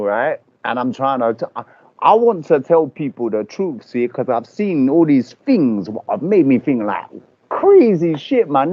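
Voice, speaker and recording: A man's voice: fairly high pitch, no room sound, highs cut off. A man voicing a brash, cocky young London lad who swears and talks in slangy patter, with a London accent.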